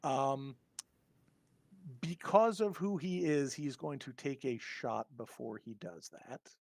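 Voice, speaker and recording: Narrating a tabletop horror game as game master, this man has a creaky, somewhat dark voice at an everyday middle pitch. He is halting and full of fillers, often pausing with "um," and the audio is close and dry, free of room reverb.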